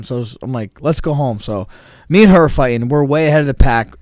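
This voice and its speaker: A man's voice: medium pitch, fast, a little mellow, no echo, clean studio sound. A man, co-hosting a podcast and telling a story in casual, profane chat, acting out the quotes. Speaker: podcast co-host.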